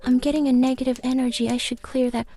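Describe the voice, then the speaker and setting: A woman's voice: sits high, flat delivery, fast talker, dark tone, pitched above the performer's own voice. A woman voicing a small, fussy female garden fairy who lectures in a preachy, easily agitated, rambling way. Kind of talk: comic character podcast chat.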